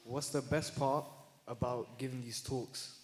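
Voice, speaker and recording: A teenage boy speaks up from the audience, far from the mic. His answers are short and soft. The big hall's reverb trails after each word. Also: medium pitch, steady tone, a little slow, a little hiss or hum. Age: teens. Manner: brief, quiet replies. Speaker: audience member. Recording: distant in a reverberant hall.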